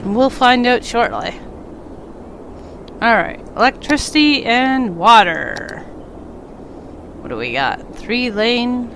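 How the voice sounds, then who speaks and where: A woman's voice: a little high, sing-song, slow, vocal fry, long pauses, a bit bright, slight background noise. A congested woman casually chatting on a live stream while she plays a city-building game, rambling and talking back to the game. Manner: rambling, talks to the game and a pet. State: congested, stuffy.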